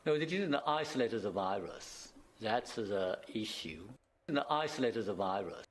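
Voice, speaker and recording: A man interviewed in a news clip, speaking in flat, measured statements. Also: on the low side. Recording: played news clip, faint noise.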